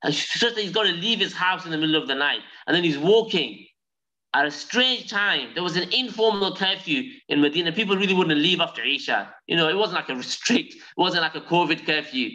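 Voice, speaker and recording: A man teaching a live online religious class. He tells stories in an animated way and recites Arabic phrases quickly. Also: on the high side, lo-fi sound.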